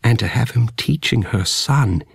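A man with a husky voice narrating a first-person story in an intimate, reflective way. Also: medium pitch, expressive, measured pace, no echo. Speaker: audiobook narrator.

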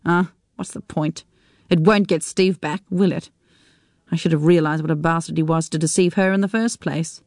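A woman's voice: low voice, fairly even intonation, moderate pace, a little mellow, no room sound, clean studio sound. A woman reading a story on the radio, voicing a despairing widow who is tearful and wry. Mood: bitter wry. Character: despairing widow Jackie, weepy and bitter.

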